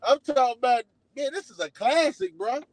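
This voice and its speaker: A man's voice: extremely high pitch, expressive, moderate pace, no room sound, low-quality recording. A Texan man livestreaming from his car at a donut shop drive-thru, talking loosely and slangily as he drifts between topics. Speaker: livestream host. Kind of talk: casual rambling livestream chat.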